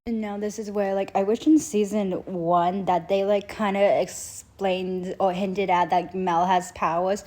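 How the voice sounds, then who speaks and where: A woman's voice: mid-range voice, steady tone, measured pace, few pauses, mellow. Rambling young woman recapping a show. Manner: rambling, heavy "like" fillers, acts out characters' lines. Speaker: show reviewer. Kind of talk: casual recap chat.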